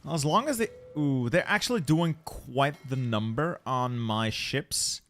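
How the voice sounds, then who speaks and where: A young adult man streaming a strategy game, thinking aloud in a relaxed way and repeating words as he plans his moves. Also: medium pitch, a little slow.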